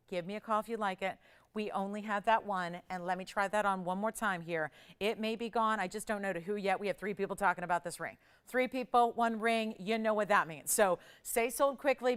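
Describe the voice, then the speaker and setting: A woman's voice: on the high side, a bit bright, clear, resonant tone. A middle-aged woman hosting a live jewelry sales show, bubbly and persuasive, laughing often as she urges viewers to call. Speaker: shopping channel host.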